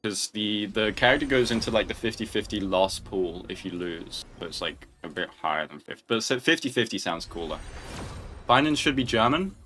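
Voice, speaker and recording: A man's voice: fairly low pitch, expressive, brisk, bright, forceful tone, a little hiss or hum. A young man hosting a casual livestream, chatting, joking and answering viewer questions. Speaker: livestream host.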